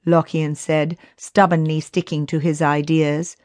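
A woman narrating a children's audiobook in a steady, unhurried way. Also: low voice, dry recording.

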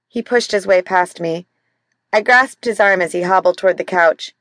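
A woman narrating a mystery audiobook in first person, calm and even. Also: fairly low pitch, moderate pace, dry recording, clean studio sound.

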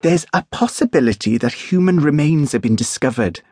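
Bloke doing an overeager young lady dispatcher, high and gushing, dry close read. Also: lively intonation, brisk, darkish tone, breathy edge, dry recording. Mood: eager. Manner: eager, gushing. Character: eager, breathless young female police dispatcher.

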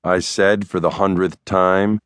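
Low-voiced male audiobook narrator. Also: flat delivery, unhurried, a bit bright, clear, resonant tone, no room sound, clean studio sound. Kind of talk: first-person thriller narration.

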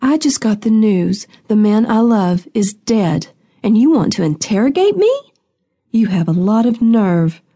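A woman's voice: mid-range voice, animated, unhurried, dark tone. A woman voicing a proud, haughty young woman who has just come to town to marry, demanding and indignant.

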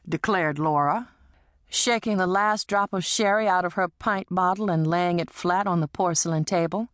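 A woman's voice: on the low side, normal speed, a bit bright, no echo. Woman narrating an audiobook, dry. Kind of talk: scripted narration.

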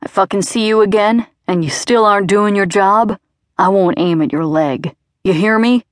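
Brief: a woman playing a volatile male crime boss, shouting and menacing, audiobook, very dry sound. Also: medium pitch, normal speed, dry recording, close to an everyday voice. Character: furious male crime boss father with a gun.

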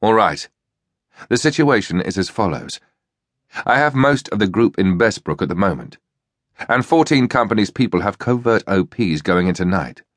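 A plummy, clipped army officer, read by a man in a thriller audiobook, low-pitched and businesslike. The voice is dry and close, with no room around it. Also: lively intonation, moderate pace, no room sound, natural voice. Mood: brisk.

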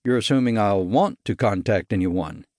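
A male audiobook narrator playing a gruff, short-tempered tough man who growls his curt lines. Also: on the low side, normal speed, darkish tone, no room sound, clean studio sound, voice pushed down, natural voice. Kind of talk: audiobook character voice.

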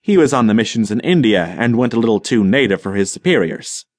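A man's voice: fairly low pitch, expressive, fairly quick, no room sound. A man voicing a grandiloquent, professorial older colony leader who talks in a rhetorical, dramatic way.

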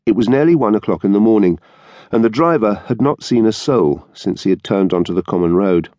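A man narrating an audiobook in a measured, steady storytelling manner. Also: lowish voice, no room sound, highs cut off. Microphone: studio microphone.

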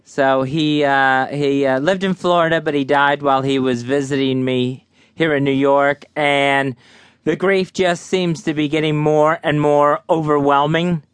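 Dude co-hosting talk radio, smooth clear voice, deadpan, dry studio mic. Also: male voice, on the high side, a little slow, no echo. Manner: deadpan, wry. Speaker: radio co-host.

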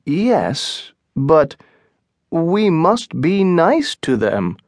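Give me a man playing a timid, worried governor in an audiobook, slow and dry. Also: a little high, very animated, darkish tone, dry recording, voice pushed up, full character voice. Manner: worried and pleading. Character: anxious, timid male English colony governor. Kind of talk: audiobook character reading.

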